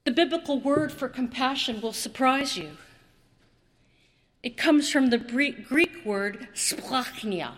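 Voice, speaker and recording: A woman preaching a sermon, slow and dramatic, with long pauses and repeated words. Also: high voice, in a large hall.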